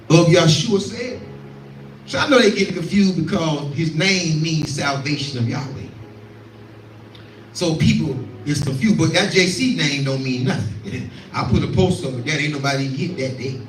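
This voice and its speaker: A man's voice: a little high, a little hiss or hum. A man preaching a scripture teaching, repeating lines and calling out to his listeners. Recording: echoey room, voice from far off.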